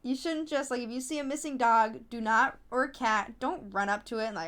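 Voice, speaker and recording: A woman telling stories in a casual podcast interview, chatty and animated, with frequent fillers and restarts. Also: brisk. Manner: animated storytelling, acts out others in high voices. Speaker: podcast host, app founder being interviewed.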